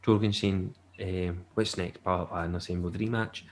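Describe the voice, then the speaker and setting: Male podcast co-host, low voice, loose jokey chat, light background noise. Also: steady tone, brisk. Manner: rambling and jokey, laughs often. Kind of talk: casual chat.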